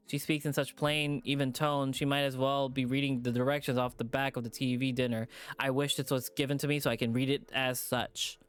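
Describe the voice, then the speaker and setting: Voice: mid-range voice, little pitch movement, brisk, smooth. A streamer reading a visual novel aloud with casual, profane asides.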